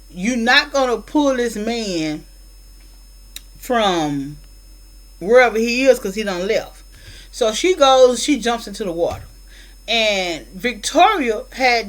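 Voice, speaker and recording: A woman's voice: on the high side, a bit bright, rough recording. A woman casually retelling a movie plot, rambling with many fillers and acted-out quotes, with features. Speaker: film reviewer.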